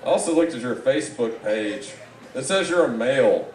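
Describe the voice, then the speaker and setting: A man delivering a live comedy roast set in a mocking, rambling way, with sudden loud outbursts. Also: medium pitch, animated, moderate pace, a little hiss or hum. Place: live event room. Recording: echoey room, distant mic, audible background.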